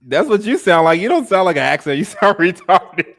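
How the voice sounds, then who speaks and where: A man's voice: high-pitched, sing-song, brisk, a bit bright. A man co-hosting a podcast, blunt and teasing, laughing and using crude slang. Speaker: podcast co-host. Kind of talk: casual banter.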